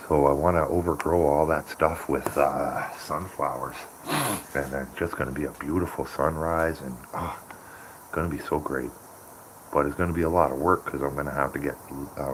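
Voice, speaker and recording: A man's voice: a bass voice, slight background noise. A man chatting casually on a morning live stream, rambling and laughing often. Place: home by a window.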